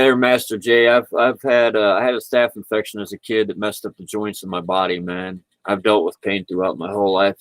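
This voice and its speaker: A man with a fairly low voice chats easily about spirituality into his computer microphone at home, wandering from point to point and often laughing during his livestream. The vlog audio has no echo but sounds rough.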